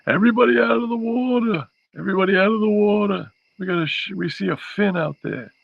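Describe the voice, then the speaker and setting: A man putting on the voice of a beach lifeguard, shouting loud, high warnings, with a dull lo-fi sound. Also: quick pace, creaky, no echo. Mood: alarmed. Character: bellowing beach lifeguard in alarm.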